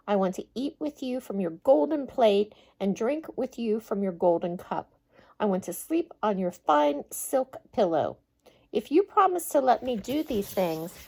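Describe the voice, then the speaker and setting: Woman doing a small pleading storybook frog, squeaky and high, slow and wide-ranging. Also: sing-song, vocal fry, a little mellow, breathy edge, exaggerated voice. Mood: eager. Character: small ugly male frog, pleading and eager.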